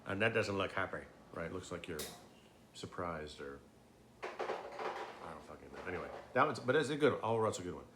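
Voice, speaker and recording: A man's voice: deep voice, animated, normal speed, pauses often, very noisy. A man chatting casually and a bit tipsily, rambling with frequent swearing, fillers and restarts. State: tipsy. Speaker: host.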